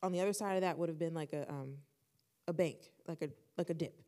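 A young woman co-hosting a podcast, telling a personal story in casual chat and acting out the dialogue with lively shifts. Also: sits low, quick pace. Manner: animated, acts out quoted dialogue. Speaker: podcast co-host.

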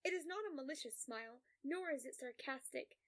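A woman narrating a first-person story in a calm, measured, soft-spoken way. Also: high-pitched, dry recording.

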